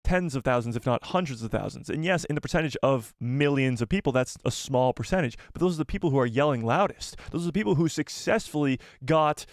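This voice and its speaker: A man hosting a live fan show, chatting casually, reading donation messages and reacting with animated repeats. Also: mid-range voice, fast, hardly any pauses, no room sound, clean studio sound. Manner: animated, exclaiming, repeats himself.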